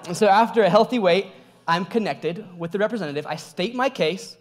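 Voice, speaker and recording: A young male pastor with a notably high-pitched voice, preaching in a relaxed, conversational way. He tells stories with animation and the odd laugh, easy and personable rather than formal. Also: fast. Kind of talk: sermon with personal story.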